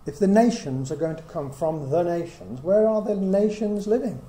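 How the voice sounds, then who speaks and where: A middle-aged Bible teacher speaks to a small group with animated earnestness at a normal speed, his slightly high voice mellow. He reasons through Scripture, often asking rhetorical questions, while the echoey room carries a faint hiss.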